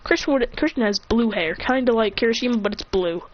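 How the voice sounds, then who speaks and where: A woman's voice: on the high side, brisk, lo-fi sound. A woman casually narrating an improvised fan-fiction story, rambling and correcting herself as she goes. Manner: rambling, self-correcting, giggly.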